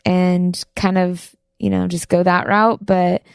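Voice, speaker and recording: A woman's voice: on the low side, level tone, slow, creaky, smooth, no echo, studio quality. A young woman, a guest athlete, in easygoing casual chat, laughing often and hesitating with fillers.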